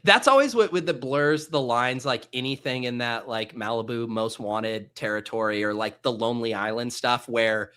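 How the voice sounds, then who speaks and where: A male host in casual live-stream chat, talking in quick, laughing banter. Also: medium pitch, a bit bright, clean tone.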